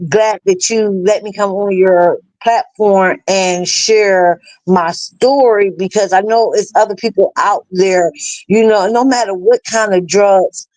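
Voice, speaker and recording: A middle-aged woman telling a personal story as an interview guest, halting and earnest, full of fillers and restarts. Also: mid-range voice, steady tone, darkish tone, dry recording, poor audio. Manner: earnest, plain-spoken. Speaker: interview guest, bereaved mother. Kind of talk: emotional personal storytelling in a live chat.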